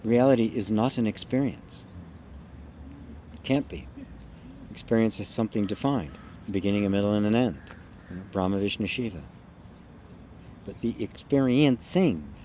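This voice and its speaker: A man hosting a live spiritual satsang, speaking slowly and softly, trailing into quiet tones and reading out viewer comments. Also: lowish voice, slight background noise. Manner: slow, soft and reflective, often trailing off quietly with gentle laughs. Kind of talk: live-stream talk answering chat comments.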